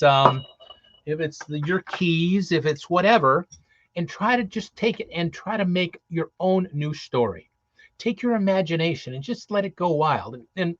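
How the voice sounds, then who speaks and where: Male Santa performer, chatty and rambling, voice a touch high, dull dry lo-fi sound. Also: dry recording. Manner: rambling, many restarts and fillers. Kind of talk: casual motivational talk.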